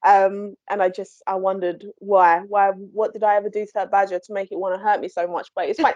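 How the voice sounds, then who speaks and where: A woman, a paranormal investigator, telling a story in a chatty, animated way on a podcast, quick to laugh. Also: mid-range voice, no room sound. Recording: dry, slightly muffled podcast audio.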